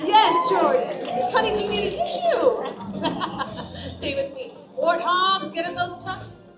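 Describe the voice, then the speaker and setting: A sassy, flirty stage diva. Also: female voice, very high-pitched, sing-song, takes it slowly, heavily acted. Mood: rallying. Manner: teasing, flirty banter with the crowd. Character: sassy self-assured female troupe performer. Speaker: live show performer. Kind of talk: live theme park show. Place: outdoor theme park stage. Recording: roomy, from far off, music and crowd.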